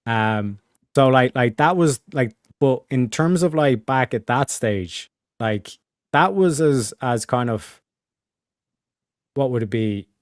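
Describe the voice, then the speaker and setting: A man's voice: mid-range voice, animated, slow, dry recording, studio quality. A man chatting casually as a streamer host, rambling with lots of fillers, restarts and casual swearing. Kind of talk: casual chat.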